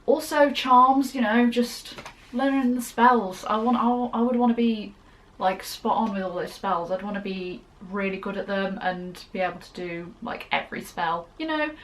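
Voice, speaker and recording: A young woman answering fan questions in a casual vlog, chatty and gushing, rambling off on tangents. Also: mid-range voice. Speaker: YouTuber.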